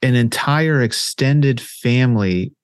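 A man co-hosting a casual film podcast, making drawn-out, emphatic remarks. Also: mid-range voice, clear, resonant tone, no room sound, studio quality. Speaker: podcast co-host.

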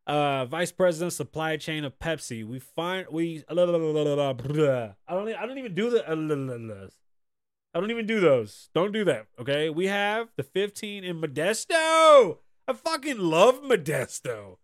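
An American man hosting a podcast, riffing on the news in a loud, profane and excitable way from a studio. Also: a little high, moderate pace. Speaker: podcast host. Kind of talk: casual news commentary.

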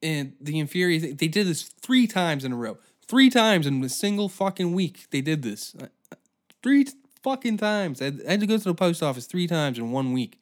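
A man's voice: on the high side, very animated, a little fast. Profane, exasperated man ranting. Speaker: podcast host. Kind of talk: comedic solo rant.

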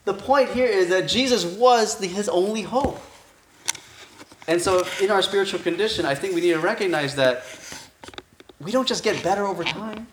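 Pastor thinking aloud in an echoey room. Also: male voice, high voice, normal speed, slight background noise. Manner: thinks aloud, asking rhetorical questions and checking in with "okay?". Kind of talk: conversational expository sermon.

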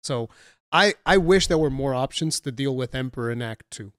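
A man's voice: mid-range voice, animated, normal speed, a bit bright, no room sound, studio quality. A man in casual gaming chat on a podcast, telling stories animatedly and swearing freely. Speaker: podcast co-host or guest.

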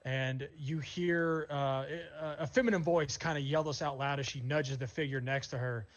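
A man narrating as game master in a tabletop role-playing game, describing scenes in a relaxed way with many fillers. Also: mid-range voice, moderate pace, highs cut off.

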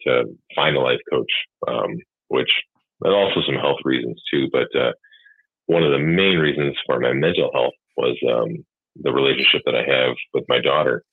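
A man's voice: extremely low pitch, moderate pace, dry recording. A man talking candidly about being a father, rambling and swearing freely. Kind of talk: casual chat. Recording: husky tinny phone-like line, dry.

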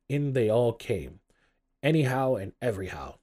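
Mellow-voiced male storyteller. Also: medium pitch, normal speed. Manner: expressive storytelling. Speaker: narrator. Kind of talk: audiobook narration.

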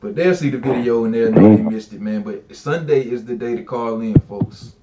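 A man's voice: medium pitch, normal speed, roomy sound, dull audio, heavy background noise. A man hosting a casual call-in podcast, talking in a laid-back, joking way. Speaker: podcast host.

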